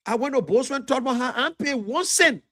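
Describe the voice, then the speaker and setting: Emphatic Liberian man, high voice. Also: animated, fairly quick, pushed and bright, no echo. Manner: emphatic, repetitive, lecturing. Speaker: livestream host. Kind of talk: political commentary rant.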